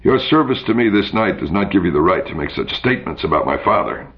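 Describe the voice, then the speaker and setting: A guarded, edgy young man, read by a male narrator who speaks curtly and tensely. The voice is deep and gravelly. It comes through a dull, lo-fi recording. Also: lively intonation, fast talker. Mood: defensive. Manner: tense, curt.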